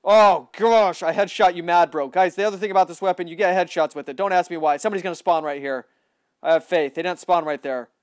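A young man giving excitable live commentary on a shooter game, often yelling at opponents. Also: high voice, quick pace, no echo, studio quality. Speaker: livestreaming gamer.

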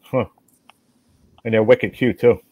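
A man's voice: mid-range voice, steady tone, slow pace, dry recording, narrow, tinny audio. A man hosting a casual group chat, joking and teasing with crude humor.

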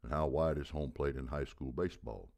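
A man with a very deep voice playing a gruff, blunt baseball coach in his seventies who barks out rhetorical questions. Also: brisk, darkish tone. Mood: barking. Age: 70s. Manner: barking, booming rhetorical questions.

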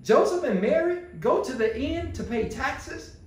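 High-voiced preacher in an echoey church. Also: male voice, lively intonation, measured pace. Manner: call-and-response preaching, rhetorical questions. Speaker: pastor. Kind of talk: sermon.

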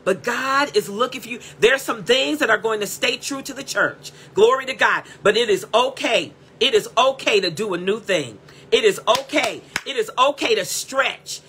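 A woman's voice: fairly high pitch, sharp tone, slightly rough. A woman preaching an impassioned sermon as a prophetic teacher, blunt and repetitive, breaking into cries of praise. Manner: blunt, scolding and direct.

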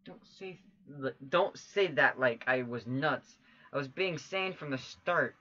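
A man's voice: mid-range voice, slow, sharp tone. A man reading a withdrawn, defensive young man in a game. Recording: dull lo-fi with faint game music.

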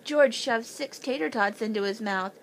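A woman's voice: a little high, normal speed, rough recording. A woman reading a children's chapter book aloud as a bedtime story, lifting her voice for the children's lines.

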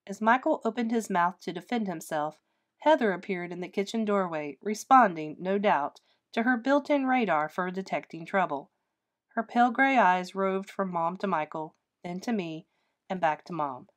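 A woman reading a children's ghost story aloud in an expressive storytelling voice. She paces the narration gently and shapes each sentence for young listeners. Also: medium pitch, moderate pace.

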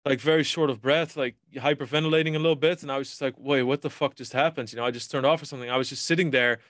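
A man's voice: mid-range voice, steady tone, very fast, fairly bright tone, no echo, studio quality. A man, a podcast guest telling a personal story in a rambling way, swearing and restarting. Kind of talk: casual storytelling.

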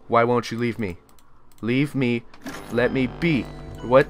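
A young man giving let's play commentary on a horror game, yelling, swearing and panicking in fright. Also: mid-range voice, fairly even intonation, takes it slowly. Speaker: gamer.

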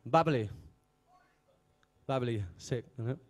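A man's voice: medium pitch, measured pace. A man emceeing a live beatbox event on stage, chatty and joking as he hypes the crowd. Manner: hyping the crowd, chatty and jokey. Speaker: event host.

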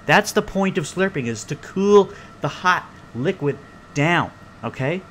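Rambling profane young podcast host. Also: male voice, sits high, unhurried, slight background noise. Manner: rambling, profane, animated storytelling. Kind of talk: casual solo podcast rant. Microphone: close podcast mic.

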